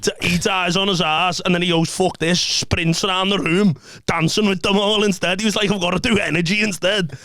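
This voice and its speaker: A man's voice: sits high, steady tone, brisk, few pauses, fairly bright tone, no room sound. A young man with a Liverpool accent, a podcast host and comedian telling stories in casual chat, swearing freely and laughing often.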